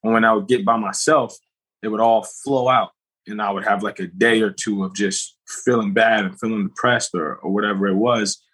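Low, husky reflective man. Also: steady tone, a bit bright, low-quality recording. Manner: reflective, halting, many fillers. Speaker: podcast co-host. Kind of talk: casual chat.

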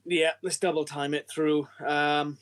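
A man's voice: on the high side, little pitch movement, measured pace, a bit bright. Blunt, joking man at the game table. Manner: blunt and joking, swears casually. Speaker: player. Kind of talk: casual tabletop game play.

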